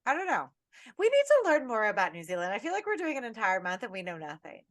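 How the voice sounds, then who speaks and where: A woman co-hosting a casual horror podcast, ranting with lots of swearing in an animated, tipsy way. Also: medium pitch, quick pace, no echo. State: tipsy and tired. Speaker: podcast co-host.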